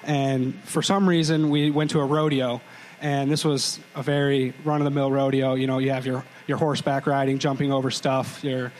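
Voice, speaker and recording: A man's voice: mid-range voice, flat delivery, moderate pace, slight background noise, rough recording. A young man co-hosting a live podcast show, telling a childhood story with joking asides and careful scene-setting. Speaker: podcast co-host. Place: live stage before a crowd.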